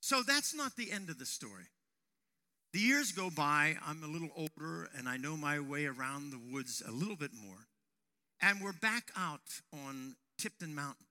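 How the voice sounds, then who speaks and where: A man preaching a sermon to young men, telling a personal story and raising his voice to a shout at dramatic moments. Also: a little high, lively intonation, moderate pace. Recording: long hall reverb.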